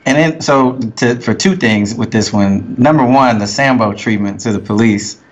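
A man in casual chat, telling stories at an unhurried pace and swearing now and then. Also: medium pitch, muffled recording. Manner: unhurried storyteller, profane.

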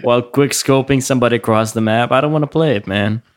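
A man's voice: medium pitch, fast talker. A young man co-hosting a casual podcast, cracking crude jokes and laughing often. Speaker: podcast co-host. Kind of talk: casual banter among friends.

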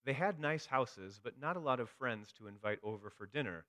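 A man's voice: mid-range voice, animated, normal speed, pushed and bright, dry recording. A man giving a sermon, telling a story with dry humor. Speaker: preacher.

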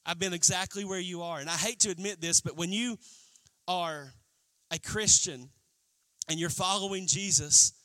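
A man pastor preaching a sermon, acting out quotes in an animated way. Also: high voice, moderate pace, dry recording. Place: church.

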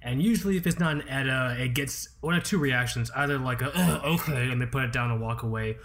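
A man co-hosting a casual chat, telling crude, animated stories and doing mocking impressions. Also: mid-range voice, quick pace. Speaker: podcast co-host.

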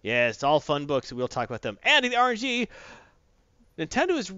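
A man's voice: on the high side, normal speed, clear, resonant tone, no echo, highs cut off. A man co-hosting a casual gaming and comics stream, joking and putting on mock voices. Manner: animated, jokey, mock voices. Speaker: podcast co-host. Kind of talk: casual chat.

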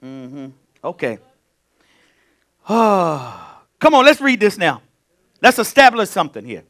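A male pastor teaching a sermon in an animated way, dropping to quiet asides and then rising to loud, emphatic bursts. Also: sits high, slow.

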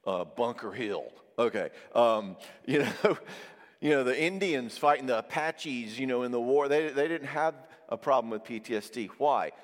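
A man's voice: mid-range voice, normal speed, big-room sound. A man preaching in a loose, conversational way, acting out the quoted voices of people he describes. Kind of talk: sermon.

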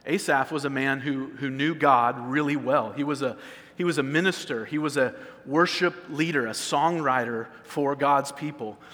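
Pastor guy preaching, chatty, keeps restarting words, bright voice with a long church echo. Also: medium pitch, moderate pace. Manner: conversational, repeats words while restarting. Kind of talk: sermon. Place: church sanctuary.

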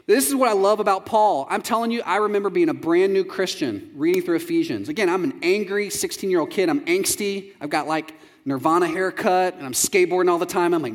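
A male pastor delivers a sermon in a lively, joking way, swinging his pitch up and down as he acts out little quotes. His voice sits a bit high for a man. It rings with the long reverb of a large hall. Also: brisk. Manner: animated and jokey, acting out quotes with big jumps in pitch.

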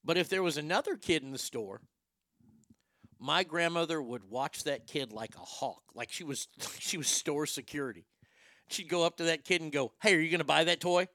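A middle-aged man working a stand-up crowd with a crude, animated delivery. His voice is bright and forceful, pitched a touch high for a man, and the sound is close and dry with no room around it. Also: moderate pace, no room sound. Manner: crude, animated, acts out quotes. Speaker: stand-up comedian. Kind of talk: stand-up storytelling.

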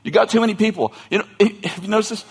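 A pastor preaches a sermon, retelling a story in a loose, joking way with frequent laughter, asides, and restarts. His voice is high-pitched and breathy at the edges, and he races along animatedly.

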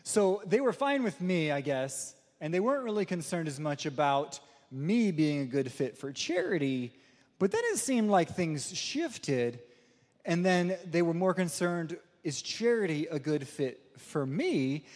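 A man's voice: fairly high pitch, very animated, a little slow, darkish tone. A man telling a personal story in a sermon, chatty and self-deprecating, laughing often. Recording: long reverb of a large hall.

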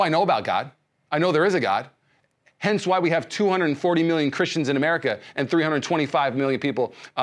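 Male pastor, passionate sermon delivery, mid-pitched voice, loud peaks and hushed asides. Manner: passionate, swings from loud rising emphasis to soft hushed lines; frequent fillers and restarts, conversational preaching.

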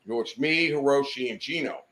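This guest on a podcast speaks a little fast in a mid-range, fairly bright voice. His story wanders on and on, full of profanity, and he laughs as he goes.

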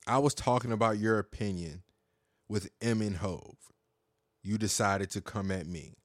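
A man's voice: fairly low pitch, unhurried, dry recording, clean studio sound. A young man hosting a podcast solo, talking in a heated, profane, rambling way. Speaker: podcast host. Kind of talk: casual monologue podcast.

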